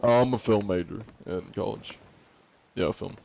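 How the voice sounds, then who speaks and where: 21 yo american streamer guy, jokey and sarcastic, answers chat, kinda low voice. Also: moderate pace, creaky, a little mellow. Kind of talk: casual livestream chat.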